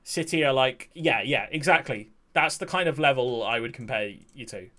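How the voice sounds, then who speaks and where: A man's voice: medium pitch, moderate pace, pushed and bright. A young man, streaming a game live and bantering with his chat in a casual, joking way, swearing now and then.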